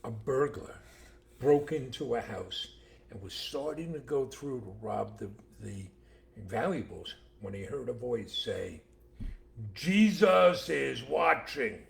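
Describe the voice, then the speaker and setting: An older man co-hosting a casual chat, telling jokes and stories with animated voices for the characters. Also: mid-range voice, a little slow, vocal fry. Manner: animated storyteller acting out voices. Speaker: co-host, father.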